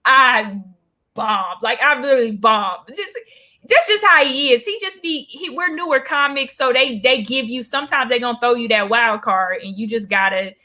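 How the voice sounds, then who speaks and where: A woman's voice: on the high side, normal speed. A young woman stand-up comedian telling a story in casual chat, acting out the people in it. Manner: animated, acts out voices when retelling a story.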